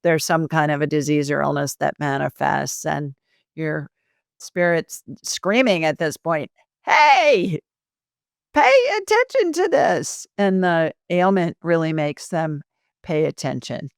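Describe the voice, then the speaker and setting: Low-voiced woman host checking she understands. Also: steady tone, unhurried, creaky, clear, resonant tone, no room sound, studio quality. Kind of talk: interview podcast.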